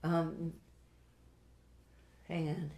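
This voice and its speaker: A woman's voice: low voice, level tone, drawn-out words, a little mellow. A woman hosting a casual live stream, chatty and teasing, laughing often and reading viewer comments aloud. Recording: echoey room.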